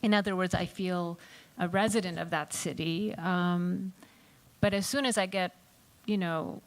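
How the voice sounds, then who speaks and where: A woman author speaking on a festival panel, reflective and halting, with frequent ums and restarts. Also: on the low side, steady tone.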